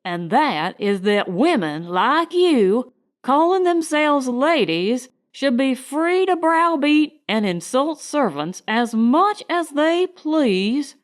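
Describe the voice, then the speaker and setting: A woman voicing a defiant young female housemaid with a soft Southern drawl. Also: sits high, big pitch swings, slow pace, pitched above the performer's own voice, exaggerated voice.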